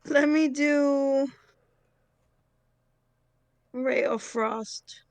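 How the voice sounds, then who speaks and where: Player, woman, high creaky voice, slow and drawn out. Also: steady tone, dry recording. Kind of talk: casual tabletop game play.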